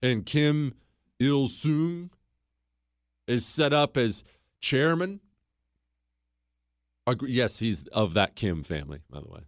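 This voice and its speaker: A man's voice: lowish voice, measured pace, long pauses, dry recording, studio quality. Sarcastic man telling history. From United States. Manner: sarcastic, animated, acts out quotes. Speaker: podcast host. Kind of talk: casual history storytelling.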